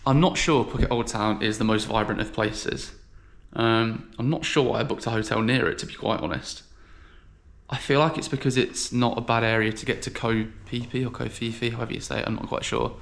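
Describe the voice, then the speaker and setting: A man's voice: medium pitch, fairly even intonation, fairly quick, gravelly, fairly bright tone. A man talking casually to camera as a travel vlogger, rambling and wondering aloud. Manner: chatty, rambling, self-questioning. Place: outdoors, windy, traffic around.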